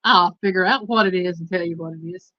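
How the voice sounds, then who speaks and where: A woman's voice: lowish voice, brisk, no room sound, lo-fi sound. A woman with a Southern Texas accent hosting a live stream, chatting casually and reading trivia questions aloud to her viewers. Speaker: host.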